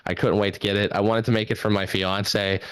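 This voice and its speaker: Young male comic working a video-call crowd, loose and rambling with lots of likes, smooth resonant voice, dead-dry home mic. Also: fairly low pitch, little pitch movement, a little fast, fairly bright tone, no room sound. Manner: loose rambling delivery, lots of likes and uhs, laughs at own jokes. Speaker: stand-up comedian. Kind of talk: stand-up set on a video call show. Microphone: home microphone.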